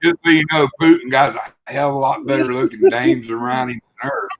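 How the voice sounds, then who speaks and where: A man's voice: fairly high pitch, very animated, fairly quick, creaky, low-quality recording. A man in a casual political chat, blunt and mocking, recorded with a dry close sound.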